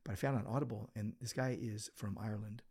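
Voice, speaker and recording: A man's voice: lowish voice, fairly even intonation, fast, a little mellow, breathy edge. A man, a pastor co-hosting a church podcast, talking in a loose, rambling way with many restarts, recorded in an office. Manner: rambling, with frequent restarts and filler. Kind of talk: casual chat. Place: office full of books.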